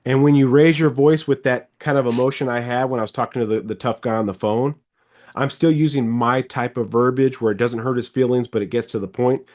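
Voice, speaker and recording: Middle-aged guy coaching car sales over video call, animated and rambly, keeps talking. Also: mid-range voice. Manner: animated, rambling, quick bursts. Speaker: sales trainer, podcast host. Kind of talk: casual coaching chat.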